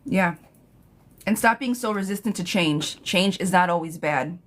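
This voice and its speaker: A woman's voice: fairly low pitch, measured pace, a little hiss or hum. Laughing, foul-mouthed tarot reader woman. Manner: laughs often, swears freely, sassy. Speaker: tarot reader on a live stream. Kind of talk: casual live tarot reading.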